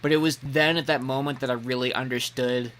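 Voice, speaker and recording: A man hosting a casual podcast chat, an animated storyteller who breaks into loud mock voices. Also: medium pitch, a little fast, a crowd in the background. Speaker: podcast host.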